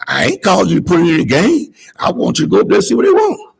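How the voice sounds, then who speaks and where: Guy doing his old ball coach, curt and dismissive, gravelly. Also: high voice, wildly swooping pitch, fast, voice pushed up, exaggerated voice. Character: blunt, stern male high school basketball coach.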